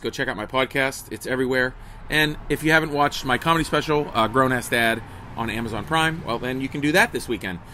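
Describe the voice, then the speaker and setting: A middle-aged comedian rambles jokily to his viewers, full of asides and restarts. His voice is bright and forceful. It is a phone recording made outdoors, with faint traffic behind him. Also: mid-range voice. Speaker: comedian hosting a daily livestream. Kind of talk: casual chat to viewers. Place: outdoors at a table beside a house. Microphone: phone on camera.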